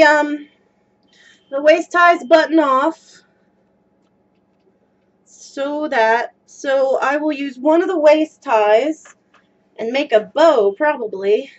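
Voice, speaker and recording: A woman gushing and squealing as she unboxes a skirt in a home video vlog, breathless with excitement. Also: high voice, highs cut off.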